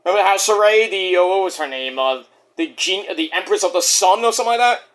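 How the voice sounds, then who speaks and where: A man talks through a wrestling event in a casual review vlog, ranting and cursing as he goes. His voice is bright and forward, and his pitch jumps up and down a lot. He slips into quoted voices of the people he describes. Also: animated, fast talker. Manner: profane, ranting, acts out quotes.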